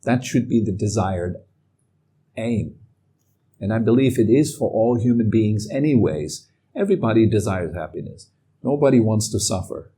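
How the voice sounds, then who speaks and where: A man giving a calm, reflective talk as a meditation teacher. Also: lowish voice, moderate pace, slightly rough. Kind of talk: dharma talk.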